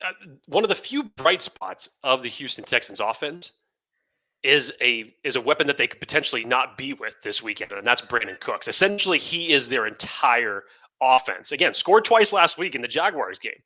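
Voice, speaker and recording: A man's voice: medium pitch, big pitch swings, normal speed, sharp tone. A man co-hosting a sports podcast in casual chat, laughing at bad news. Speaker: podcast co-host.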